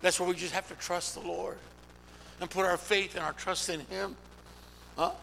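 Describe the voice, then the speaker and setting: A high, gravelly male pastor preaching to a congregation, his bright voice ringing through a big hall with long reverb. He calls out to the crowd and swings from shouts to near whispers. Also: fairly even intonation, normal speed, a little hiss or hum. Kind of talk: sermon. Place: large church hall.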